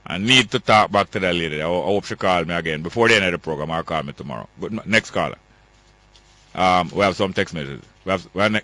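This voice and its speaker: A man with a Jamaican accent hosting a call-in radio talk show, firm and quick to cut callers off. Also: low-pitched, pushed and bright, dry recording.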